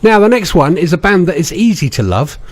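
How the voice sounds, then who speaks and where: A man's voice: sits high, big pitch swings, a little fast. A man presenting a radio music show, linking songs in a chatty, playful way.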